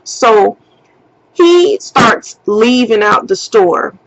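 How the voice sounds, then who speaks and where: A woman telling a personal story to her camera in a storytime vlog, profane and animated, acting out her own shouting. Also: on the high side, drawn-out words, dry recording. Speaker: vlogger. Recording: dull lo-fi sound.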